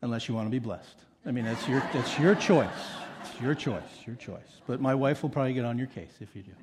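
A man's voice: medium pitch, fast talker, noisy background. A middle-aged male pastor preaching a sermon with emphatic repetition and playful asides.

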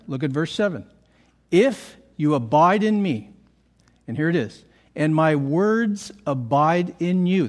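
A male pastor delivering a verse-by-verse sermon, his voice set a little higher than most men's. He reads scripture aloud, then turns to the congregation with questions, dropping to soft low asides before rising to loud, stressed lines. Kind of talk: expository sermon.

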